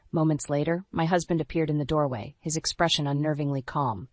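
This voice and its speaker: A woman narrating a scripted first-person story in a dramatic, even storytelling voice. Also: low voice, a little fast, hardly any pauses, no room sound.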